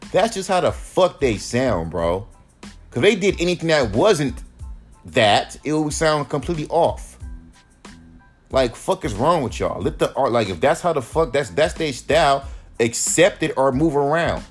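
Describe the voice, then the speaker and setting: A man's voice: mid-range voice, sing-song, unhurried, slightly rough, faint music behind. A man who raps hosts his own podcast, ranting in a heated, profane, emphatic way. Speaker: rapper and podcast host. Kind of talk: solo podcast rant.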